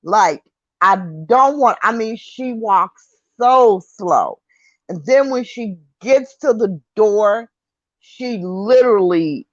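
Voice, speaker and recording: A woman's voice: medium pitch, dry recording, highs cut off. An older woman hosting a casual online talk show, reading viewer comments and chatting with light laughter and mild swearing. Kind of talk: casual chat.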